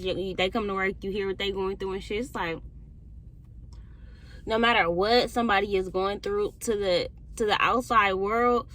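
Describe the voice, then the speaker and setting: Young woman talking aave, bright sharp voice, cussing a lot, quiet then heated. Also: medium pitch. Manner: candid, heavy cursing, swings between quiet and heated. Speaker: podcast host. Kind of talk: casual monologue.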